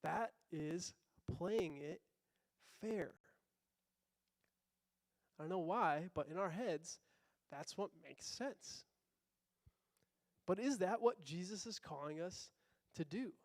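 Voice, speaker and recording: A man's voice: high-pitched, animated, slow pace, long pauses, no echo, studio quality. A young adult man preaching a sermon in a conversational way, asking rhetorical questions and acting out quotes. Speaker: pastor.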